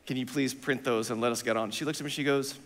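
A pastor, mid-range in voice and quick in pace, pokes fun at himself in a sermon story, performing the dialogue lively. The church hall adds a long reverb.

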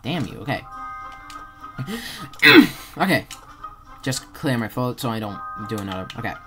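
A woman giving rambling, excitable gameplay commentary as a channel host, with sudden loud outbursts and swearing. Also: extremely low pitch, measured pace, faint music behind, rough recording.

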